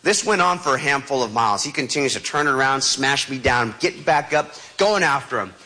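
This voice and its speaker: A man's voice: mid-range voice, animated, fairly quick, bright, forceful tone, soft background music. A man telling a personal story with vivid, dramatic animation and sound effects, as a motivational speaker.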